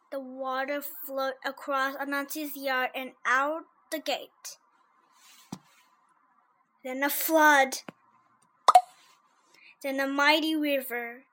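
Slow, high-voiced woman reading a story. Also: little pitch movement, sharp tone, a little hiss or hum. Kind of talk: reading a children's story aloud.

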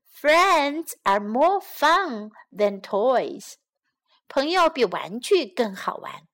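A woman tells a children's story and then teaches it phrase by phrase, repeating each line slowly and gently for young learners. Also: high voice, very animated. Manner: slow, careful repetition of each phrase. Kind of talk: bilingual storytelling lesson for children.

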